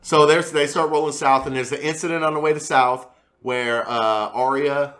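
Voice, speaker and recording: Profane, animated young man retelling a story. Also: fairly high pitch. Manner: animated retelling with quick voiced asides, profane. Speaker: podcast co-host. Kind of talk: casual chat.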